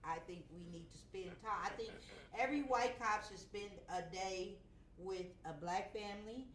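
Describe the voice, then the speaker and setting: A woman's voice: mid-range voice, moderate pace, a bit bright, slight background noise. Brash middle-aged woman, roomy echo. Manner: blunt, brash, profane. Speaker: talk show host. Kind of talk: casual comedic chat.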